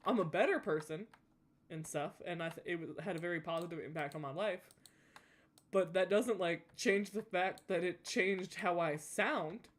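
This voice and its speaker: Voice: mid-range voice, moderate pace. A young adult with a Southern US accent, chatting casually while playing a game and rambling with lots of restarts. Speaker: gaming YouTuber. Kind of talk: casual chat while gaming.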